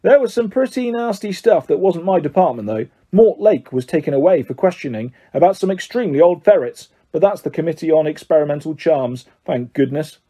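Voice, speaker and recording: A man's voice: on the high side, expressive, a little fast, few pauses, dark tone. A man voicing a tired, mild middle-aged wizard father who mumbles and stammers when caught out. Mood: weary, flustered. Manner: tired, mumbling, then flustered.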